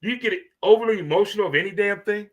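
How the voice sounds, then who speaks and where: A man, hosting a casual talk show in an animated, swearing, preacher-like monologue. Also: sits high, rapid-fire. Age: 50s. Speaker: host. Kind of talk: casual radio-style monologue.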